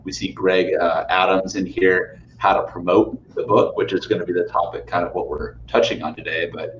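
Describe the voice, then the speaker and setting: A man hosting a livestream, talking in a relaxed, casual way with some fillers. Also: sits low, moderate pace. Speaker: livestream host. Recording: echoey, distant, dull audio with faint noise.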